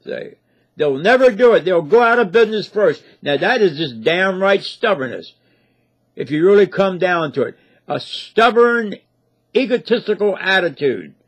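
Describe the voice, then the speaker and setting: A man's voice: high-pitched, very animated, moderate pace. A man giving a casual spoken monologue as a commentator, folksy and rambling, with many fillers and restarts. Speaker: religious commentator. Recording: dull lo-fi recording.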